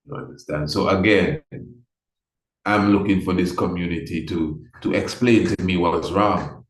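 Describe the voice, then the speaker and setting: Deep-voiced male host, earnest and insistent, recorded in a reverberant room. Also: normal speed. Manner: earnest, repeats himself for emphasis. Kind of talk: impassioned livestream talk.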